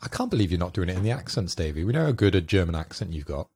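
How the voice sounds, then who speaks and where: A man's voice: sits low, sing-song, rapid-fire, a little mellow, breathy edge. A man co-hosting a casual podcast, dry and teasing. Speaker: podcast co-host. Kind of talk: casual chat.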